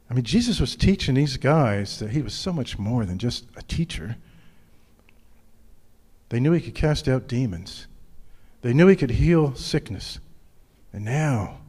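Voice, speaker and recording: A male pastor preaching a sermon in an earnest, personal way, dropping his voice low when he speaks of his own struggles. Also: very animated, a little slow, a little mellow, husky, long reverb tail.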